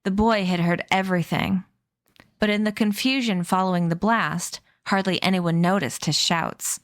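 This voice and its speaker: A woman streamer narrating a novel aloud in a steady, even reading voice. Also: medium pitch, moderate pace, no room sound, clean studio sound. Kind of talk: read-aloud storybook narration.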